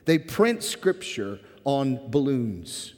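Pastor, male, mid-pitched earnest preacher in a church hall with long reverb. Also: big pitch swings, extremely slow. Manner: earnest, rising to impassioned then softening to a hushed prayer. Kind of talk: sermon. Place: church sanctuary.

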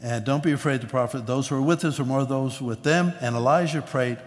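Male pastor, mid-pitched, preaching and reading scripture, long hall reverb. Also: brisk, few pauses. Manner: reads scripture aloud, then explains it conversationally with asides. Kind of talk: sermon. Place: church sanctuary.

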